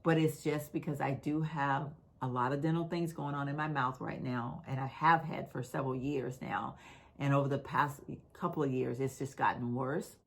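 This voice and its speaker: A middle-aged Texan vlogger with a slight lisp talks candidly and unhurriedly to her viewers in casual talk to camera. Her voice is extremely low, with fairly even intonation at a normal speed.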